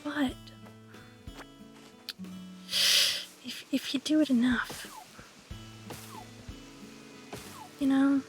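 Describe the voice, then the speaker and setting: A woman streamer whispering softly in a raspy voice, musing playfully and with mock grandeur as she chats over her game. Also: high voice, steady tone, normal speed, faint music behind. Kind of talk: casual gameplay chat.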